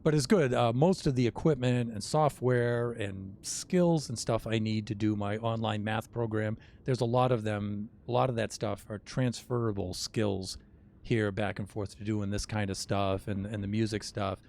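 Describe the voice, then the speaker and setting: Low-voiced older man, rambling stream chat. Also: fairly even intonation, moderate pace, creaky, darkish tone, slight background noise. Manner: rambling, wry, self-mocking asides. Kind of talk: casual gameplay chat.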